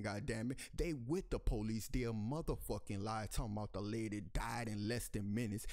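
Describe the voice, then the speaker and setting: A man hosting an angry commentary, reading a news article aloud and breaking off to rant profanely, constantly calling to his listeners as y'all, his pitch jumping high when he is outraged. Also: a little mellow. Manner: heated, profane, repeatedly addressing listeners as y'all. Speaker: commentary channel host.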